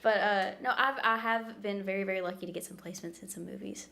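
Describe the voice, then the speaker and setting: Young woman, guest musician at a live venue, lively storyteller, fillers and restarts, mid pitch. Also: fast talker, vocal fry. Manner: animated, full of fillers and restarts. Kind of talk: casual chat and storytelling.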